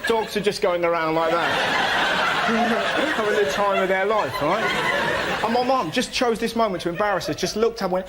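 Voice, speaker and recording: A young man doing stand-up on a panel show, excitable, jumping into shrill shouted impressions. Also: moderate pace. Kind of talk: stand-up comedy routine. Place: television studio with a live audience. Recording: noisy studio broadcast recording. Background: audience laughter.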